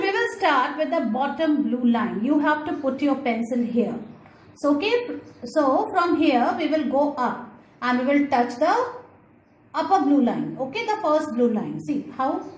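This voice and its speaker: High-voiced woman teaching phonics slowly. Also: rough recording. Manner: slow, drawn-out phonics sounds; repeats words and calls out "children". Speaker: kindergarten teacher. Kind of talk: classroom lesson.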